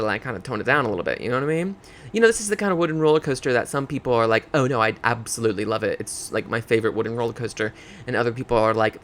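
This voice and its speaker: A man's voice: medium pitch, fairly bright tone, slight background noise. A man giving casual, campy commentary over game footage, chatty and rambling, with drag slang and lots of fillers. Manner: rambling with fillers and self-checks. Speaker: game video creator.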